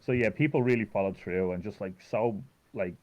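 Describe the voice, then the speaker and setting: Irish guy, lowish voice, rambling storyteller, dull lo-fi podcast sound. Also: normal speed. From Ireland. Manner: rambling, heavy use of "like". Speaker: podcast guest. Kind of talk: casual storytelling chat.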